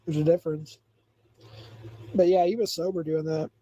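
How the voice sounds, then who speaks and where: Livestream host, male, mellow timbre, gossips and mocks, repeats lines. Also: on the high side, little pitch movement, moderate pace, muffled recording. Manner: mocking, gossipy, repeats himself. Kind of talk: casual livestream chat.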